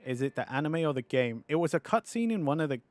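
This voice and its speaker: A young man streaming a game, chatting casually with viewers, animated and often laughing and swearing. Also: fairly high pitch, fast talker, no room sound, soft background music. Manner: animated, laughing, swearing, mocking others in put-on voices. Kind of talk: casual live-stream chat.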